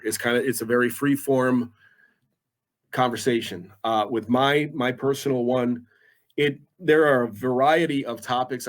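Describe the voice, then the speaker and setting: A man in his forties, a radio DJ guest, chatting casually in a laid-back, self-deprecating way. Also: medium pitch. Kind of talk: casual chat.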